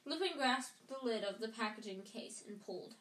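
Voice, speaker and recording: A woman's voice: on the high side, animated, moderate pace, fairly bright tone. A woman reading a novel aloud casually at home, sometimes stumbling and rereading lines. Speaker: audiobook reader. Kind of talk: amateur book reading. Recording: roomy echo.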